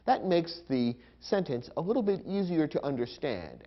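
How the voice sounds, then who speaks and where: A man narrates an educational lesson in a patient, explanatory way, and his pitch rises and falls a lot as he stresses points. The recording sounds a little dull and lo-fi. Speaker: teacher. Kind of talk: scripted instructional narration.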